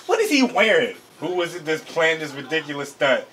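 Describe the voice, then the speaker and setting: A man doing an excited, casual reaction commentary to an anime episode, hyped and slangy, laughing often. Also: fairly high pitch, moderate pace, a little hiss or hum.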